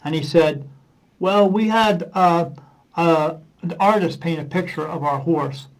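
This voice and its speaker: A man's voice: a little high, a little slow, rough recording. A man who works as a medium, a podcast guest telling casual stories and acting out conversations with plenty of uh fillers. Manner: rambling anecdotes, acting out dialogue with many uh fillers. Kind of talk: casual storytelling in a podcast interview.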